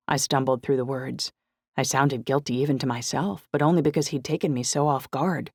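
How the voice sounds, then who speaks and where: A woman giving steady, measured first-person narration of a novel. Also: very deep voice, slightly rough, no echo, studio quality. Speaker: audiobook narrator.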